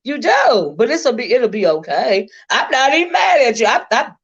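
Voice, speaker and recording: Sassy high-voiced woman host. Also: very animated, moderate pace, husky. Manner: sassy, teasing, laughs often. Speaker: channel host. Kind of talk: casual panel chat. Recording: dull lo-fi stream audio.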